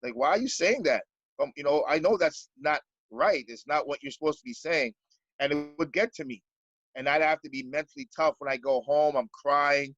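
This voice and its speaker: A man's voice: on the high side, fairly even intonation, fairly quick, no room sound, highs cut off. A Canadian basketball coach in a podcast interview, speaking earnestly and stumbling over repeated words as he searches for them.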